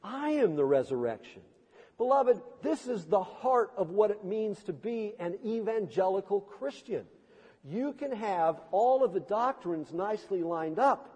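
A man's voice: high-pitched, mellow, slightly rough. A male pastor preaching a sermon with impassioned, emphatic delivery and dramatic swells, heard in a church sanctuary with a long reverb.

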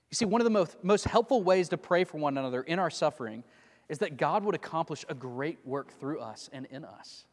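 A man's voice: a little high, lively intonation, a little fast. A man preaching a sermon in a conversational way, often asking his listeners rhetorical questions. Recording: long reverb of a large hall.

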